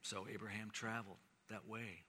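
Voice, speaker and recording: A man preaching a sermon, measured and rising to emphatic declarations. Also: on the low side, fairly even intonation, sharp tone, slightly rough. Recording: long hall reverb.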